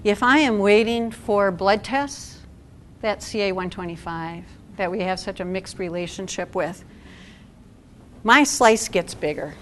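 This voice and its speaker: A woman's voice: medium pitch, measured pace, fairly bright tone, slight background noise. A middle-aged woman giving a talk to an audience at a support event, conversational and asking the room questions.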